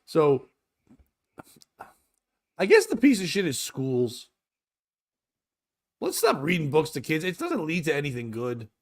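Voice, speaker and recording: A man's voice: on the high side, sing-song, measured pace, pauses often. A man hosting a comedy podcast, joking through casual banter and laughing often. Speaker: podcast host.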